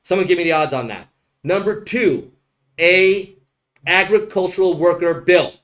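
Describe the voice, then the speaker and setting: Joking, rambling man, slightly high voice. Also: a little slow, a bit bright. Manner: casual, joking, rambling, blunt. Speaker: immigration attorney. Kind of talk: livestream Q&A answering viewer comments.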